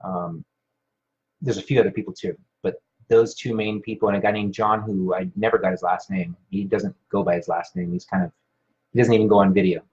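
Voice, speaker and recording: A man's voice: lowish voice, expressive, a little fast, gravelly, a little mellow. A man hosting a live stream, casually rambling with many fillers and restarts while reading viewer comments. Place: Hawaii. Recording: dull lo-fi sound.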